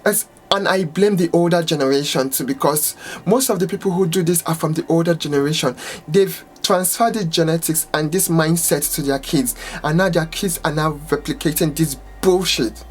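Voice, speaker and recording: A woman salon owner giving an impassioned, angry rant to camera, exasperated and swearing, with outbursts that climb in pitch. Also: normal speed, husky. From United States.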